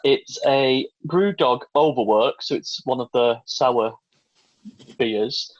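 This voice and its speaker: Casting: Lancashire man, husky, rambling guest, dry dull video-call sound. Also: medium pitch, takes it slowly, no room sound. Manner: rambling, enthusiastic about beer. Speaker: guest panelist. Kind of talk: casual chat.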